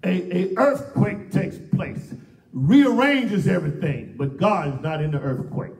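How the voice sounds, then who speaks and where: A pastor preaching with fervor, his high voice climbing into shouts and then dropping to near-hushed phrases as he repeats his points. He sounds distant from the mic, and the church room rings around him. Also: unhurried. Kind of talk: sermon. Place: church sanctuary. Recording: echoey church room, voice picked up from far off.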